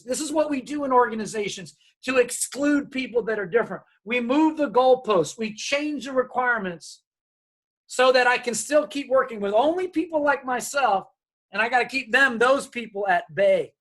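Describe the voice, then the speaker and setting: A man telling a personal story to an audience as a diversity speaker. He talks in an animated way and acts out the voices of family members as he goes. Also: very high voice, brisk. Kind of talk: storytelling keynote talk.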